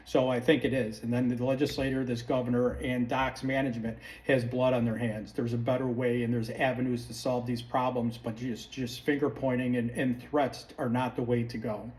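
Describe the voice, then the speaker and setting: A man's voice: mid-range voice, level tone, normal speed, hardly any pauses, a little mellow. A man hosting a podcast, delivering a heated, sarcastic opinion monologue full of restarts. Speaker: podcast host. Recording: distant mic with faint room ambience.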